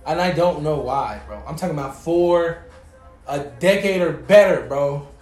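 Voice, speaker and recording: A young man swaps stories in a laid-back, slang-heavy podcast chat. His voice sits a little high for a man. The room gives the recording a noticeable echo. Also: measured pace, darkish tone. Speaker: podcast host. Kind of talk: casual chat. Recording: echoey room.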